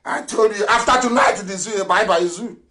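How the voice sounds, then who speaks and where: A man hosting an impassioned political broadcast, swinging between loud declarations and low asides and laughing often. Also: normal speed, rough recording. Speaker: broadcast host.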